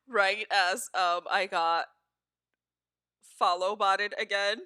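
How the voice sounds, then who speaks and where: A woman's voice: medium pitch, steady tone, extremely slow, sharp tone, clean tone, no echo, studio quality. A woman live streamer chatting casually with her viewers, laughing often and swearing freely.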